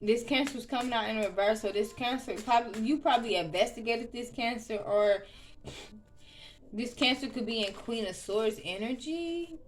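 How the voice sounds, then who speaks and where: A woman giving a casual tarot reading, chatty and loose, with frequent ums and restarts. She opens with a softly murmured prayer. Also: on the high side, moderate pace. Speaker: tarot reader.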